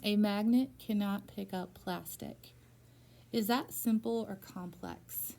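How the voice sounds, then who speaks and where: A woman's voice: medium pitch, takes it slowly, gravelly, dark tone, a little hiss or hum. A young woman tutoring a child in phonics, patient and encouraging, guiding with questions. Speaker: reading teacher.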